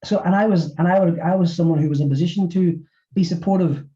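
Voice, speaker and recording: A middle-aged man speaks quickly in a webinar interview, stumbling over repeated words as he goes. His voice is deep and mellow, and it comes through a muffled, lo-fi recording. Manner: halting, with many repeated words. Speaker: author and former physiotherapist.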